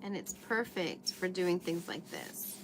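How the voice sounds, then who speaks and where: A woman's voice: fairly low pitch, sing-song, measured pace, background noise. A woman hosting a craft livestream, chatting with viewers while she works with paper and glue at her table. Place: indoors at a craft table under bright lights.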